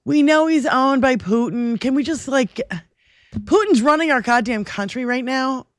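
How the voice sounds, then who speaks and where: A woman's voice: sits high, moderate pace, no echo. Ranting woman with a dry sound. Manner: profane, ranting, laughs often. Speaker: livestream co-host. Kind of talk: casual political chat.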